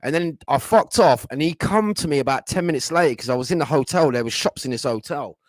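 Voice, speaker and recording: A man's voice: fairly high pitch, animated, fast, no room sound. A middle-aged man, hosting a casual livestream and telling loose stories in a blunt, sweary way. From England. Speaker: livestream host.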